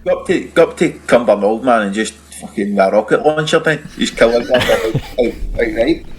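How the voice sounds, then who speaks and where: A Scottish man bantering on a podcast in an animated, sweary way. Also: mid-range voice, brisk, over music. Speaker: podcast guest. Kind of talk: casual banter.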